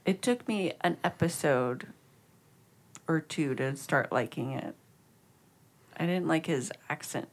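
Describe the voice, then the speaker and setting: A woman chatting casually with friends, easygoing and teasing, quick to laugh. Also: deep voice. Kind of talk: casual chat.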